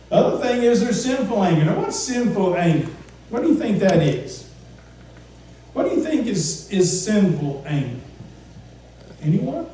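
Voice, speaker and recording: A man delivers a relaxed, conversational sermon, turning to the congregation with questions and restarting his sentences. His voice sits high yet mellow. He is picked up from a distance in a strongly reverberant church with faint background noise. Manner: asks the congregation questions, restarts with repeated words. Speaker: preacher. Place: church sanctuary. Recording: echoey church room from far off, faint noise.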